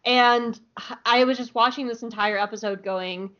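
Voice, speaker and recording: Animated, cursing woman podcaster from the South. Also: on the high side, normal speed. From American South. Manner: animated, swears freely, laughs often. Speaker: podcast co-host. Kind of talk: casual chat. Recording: lo-fi audio.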